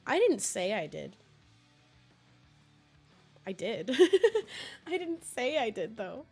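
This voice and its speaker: A young woman with a fairly high voice talks loosely to her viewers from home, her throat hoarse and sniffly from a cold. She rambles, restarts her sentences and laughs often. Soft music plays behind her. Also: sing-song, slow pace. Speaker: streamer. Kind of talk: casual chat with viewers.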